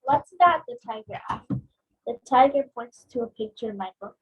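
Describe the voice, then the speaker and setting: A woman's voice: on the high side, brisk, husky, dull audio. A woman reads a picture book aloud at a book club, expressively acting out the sound effects.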